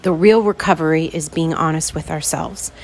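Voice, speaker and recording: A woman's voice: low voice, moderate pace, darkish tone, a little hiss or hum. A woman hosting a podcast, chatting casually and speaking straight to her listeners. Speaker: podcast host.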